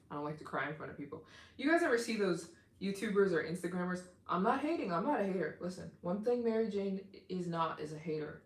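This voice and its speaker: Woman, live-stream host, effusive, excitable, lowish voice, echoey room. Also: fairly quick. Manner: effusive and excitable, heavy use of "like". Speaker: travel vlogger hosting a live stream. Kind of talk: casual live-stream chat with viewers.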